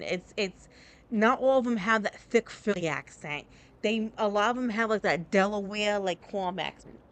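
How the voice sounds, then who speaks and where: Lady streaming a game, middle pitch, just rambling away to chat, keeps restarting her sentences. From New Jersey. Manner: rambling and candid, restarts often. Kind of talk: casual live-stream chat.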